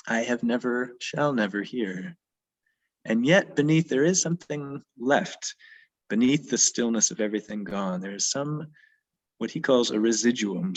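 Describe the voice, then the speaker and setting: A man's voice: lowish voice, poor audio. A man leading a poetry and birdsong session, talking thoughtfully with frequent hesitations. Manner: thoughtful, hesitant, many ums. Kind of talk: discussing poetry.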